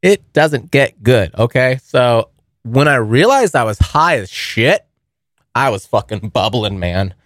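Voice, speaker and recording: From a basement beside a furnace, a young man hosts a podcast, spinning a meandering storytelling monologue packed with swearing and calling his listeners bros. He speaks unhurriedly in a mid-range, slightly bright voice with lively intonation, and there is no echo.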